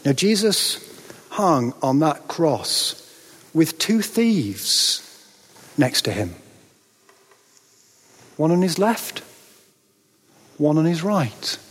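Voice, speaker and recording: Male preacher, high lively voice, slow deliberate sermon delivery, big reverberant church sound. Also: breathy edge. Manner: dramatic, rhetorical questions, pauses for effect. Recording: long reverb of a large hall.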